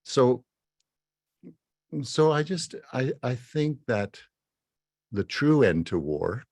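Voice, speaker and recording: A man's voice: mid-range voice, sing-song, slow pace, a little mellow, dry recording, studio quality. A man in his seventies from Saskatchewan telling a self-mocking story at a fireside talk, chuckling often. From Saskatchewan, Canada. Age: 70s. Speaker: musician and speaker.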